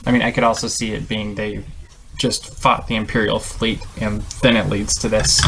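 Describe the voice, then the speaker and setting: A man's voice: lowish voice, flat delivery, moderate pace, creaky, fairly bright tone, a little hiss or hum, poor audio. A man hosting a podcast, steering a casual discussion with musing questions and speculation. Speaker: podcast host. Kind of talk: casual chat.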